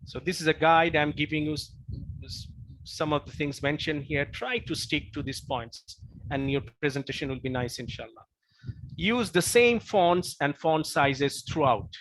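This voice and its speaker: A male professor lecturing in a dry, close recording, his voice sitting a little high for a man. He talks earnestly, repeats his key points and pauses on fillers and restarts. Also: a bit bright, no room sound, rough recording. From Bangladesh. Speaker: professor giving a training lecture.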